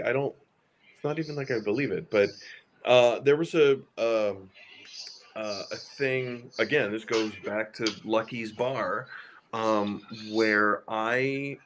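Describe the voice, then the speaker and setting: A man's voice: medium pitch, measured pace, slight background noise. A man in a casual podcast chat, telling rambling stories with lots of laughter. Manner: rambling, animated, laughing storyteller. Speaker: podcast guest.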